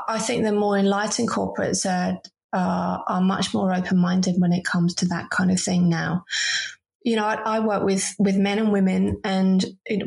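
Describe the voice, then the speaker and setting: Woman guest, a coach, with a gravelly, creaky tone; earnest and explanatory in conversation. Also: mid-range voice, darkish tone. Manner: earnest, explanatory, with frequent restarts. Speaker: voice and leadership coach. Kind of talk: interview conversation.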